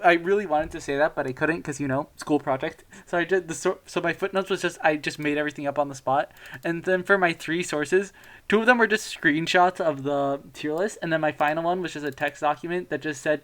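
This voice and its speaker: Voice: medium pitch, fairly even intonation, normal speed, a bit bright. A young adult streamer talks casually during a stream, laughing often between rambling thoughts. The speech is loose and profane, with frequent swearing and self-deprecating asides.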